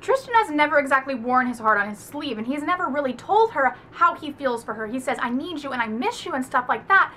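Bright, high-voiced gushing young woman. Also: lively intonation, fairly quick, few pauses, a little hiss or hum. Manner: gushing, emphatic, swearing. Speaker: book reviewer. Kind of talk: casual book review.

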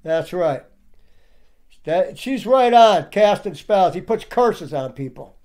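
Indignant preaching man, high voice. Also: lively intonation, takes it slowly, a little mellow. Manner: indignant, rhetorical questions. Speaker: online commentator. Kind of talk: preachy commentary over clips.

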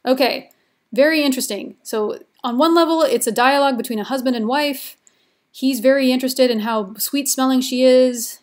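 A woman's voice: high voice, normal speed. A woman giving a recorded literature lecture in a chatty, informal way, with many casual fillers.

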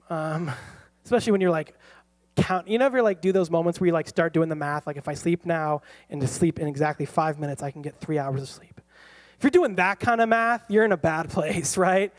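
A pastor in his thirties telling a personal story in a sermon, animated and laughing often. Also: a little high. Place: church.

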